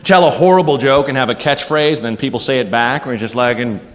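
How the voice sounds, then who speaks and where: A man performing a stand-up comedy set on a club stage, animated and crude, acting out voices. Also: mid-range voice, fast talker. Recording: reverberant noisy club recording.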